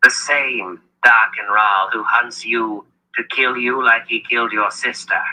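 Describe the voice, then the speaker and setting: A man's voice: mid-range voice, fairly even intonation, a little slow, sharp tone, pitched above the performer's own voice, low-quality recording. A man playing an impish old wizard. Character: impish old male wizard, sly and mentoring.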